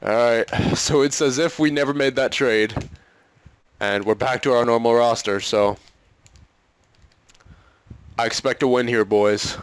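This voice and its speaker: A man's voice: mid-range voice, a little slow, pauses often, clear, resonant tone, no room sound. A man doing let's-play commentary on a hockey video game, exasperated and pleading with his team, often laughing and sighing. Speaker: gaming commentator.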